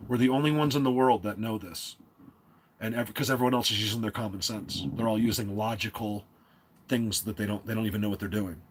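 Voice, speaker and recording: Talking a little fast in a lowish, steady voice, this livestream host from New Jersey rambles casually, piling on fillers, restarting, and interrupting himself. A faint hiss or hum sits under the recording.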